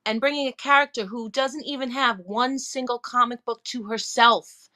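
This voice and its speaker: A woman with a bright, fairly high voice chats on a podcast. She speaks with enthusiasm and leans hard on her emphasis. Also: fairly even intonation, normal speed. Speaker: podcast co-host. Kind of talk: casual chat.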